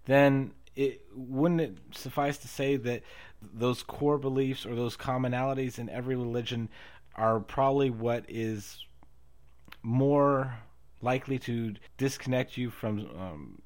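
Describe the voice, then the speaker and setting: A man's voice: mid-range voice, darkish tone. Man thinking aloud in casual chat. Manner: thinks aloud with many fillers and restarts, laughs often. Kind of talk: casual conversation.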